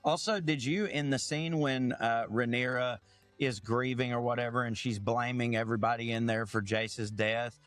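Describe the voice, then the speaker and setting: A man's voice: mid-range voice, steady tone, normal speed, a bit bright, dry recording, faint music behind. A man co-hosting a podcast, chatting casually with dry jokes and questions. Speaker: podcast co-host. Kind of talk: casual chat.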